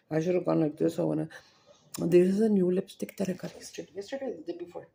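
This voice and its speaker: A woman's voice: fairly low pitch, fairly even intonation, fast, vocal fry, warm tone. A middle-aged woman chatting casually on camera at home during a meal, rambling from topic to topic, swearing offhandedly and slipping into Spanish. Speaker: mukbang vlogger. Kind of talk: casual chat while eating on camera. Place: at home, indoors.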